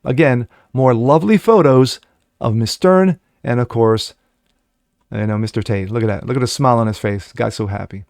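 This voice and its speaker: A man's voice: medium pitch, normal speed, creaky, a little mellow, dry recording, studio quality. A man giving sarcastic commentary on news stories, reading articles aloud with mocking asides. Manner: sarcastic, mocking asides between read-out passages. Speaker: commentary vlogger.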